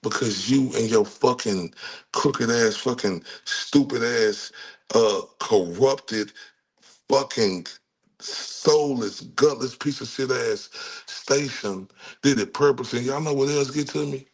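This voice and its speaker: A man's voice: medium pitch, slow, husky. A man with a Texan accent giving angry, profane true-crime commentary and talking straight to his viewers. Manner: angry, cursing, talks to viewers.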